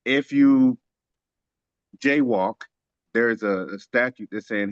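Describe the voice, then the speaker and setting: A man's voice: mid-range voice, slow, clear, resonant tone, no echo, lo-fi sound. A man leading a casual religious study discussion, making his points emphatically and asking rhetorical questions. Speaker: teacher of a religious study group.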